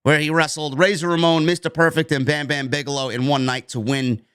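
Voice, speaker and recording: High-voiced, blunt, ranting man. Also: level tone, brisk, fairly bright tone, smooth. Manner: emphatic and blunt, swears freely. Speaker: wrestling news podcast host. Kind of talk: opinionated news rant.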